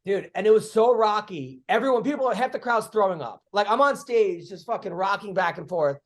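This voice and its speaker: A middle-aged man hosting a podcast, telling comedy-road stories in casual chat, animated, swearing freely and acting out what people said. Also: high-pitched, brisk. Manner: animated storyteller, swears freely, acts out quotes.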